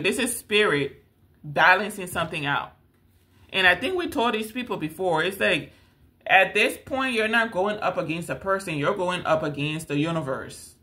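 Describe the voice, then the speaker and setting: A woman's voice: lowish voice, bright, forceful tone. A woman giving a casual tarot reading straight to the viewer, rambling and repeating herself with many fillers. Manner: emphatic, addresses viewer directly. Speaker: tarot reader.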